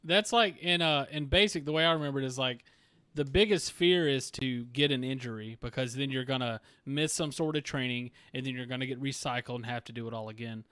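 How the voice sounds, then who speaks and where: A man hosting a casual podcast, telling his own basic-training story in a relaxed way. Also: mid-range voice, brisk, clean tone, no echo. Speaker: podcast host. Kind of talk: casual chat over beers.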